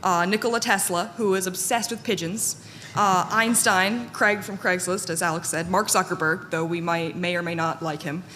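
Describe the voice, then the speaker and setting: Woman, conference panel talk, candid and self-deprecating, lowish pitch, long hall reverb, faint room noise. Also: fairly even intonation, moderate pace, sharp tone. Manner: candid, self-deprecating, with frequent fillers and restarts. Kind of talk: personal talk to an audience.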